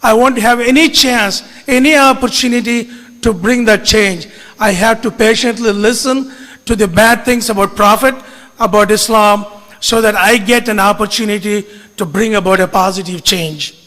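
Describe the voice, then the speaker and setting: A man's voice: high-pitched, steady tone, bright, forceful tone. Earnest man in a reverberant hall. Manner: earnest, deliberate, mixes in Hindi phrases. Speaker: speaker recounting his media engagement. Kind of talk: storytelling talk to an audience.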